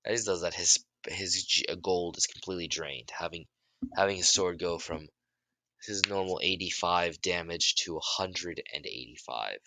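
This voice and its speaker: Deep-voiced man narrating a fan story. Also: dry recording. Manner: halting, many restarts and self-corrections; bursts into loud shouts for dialogue.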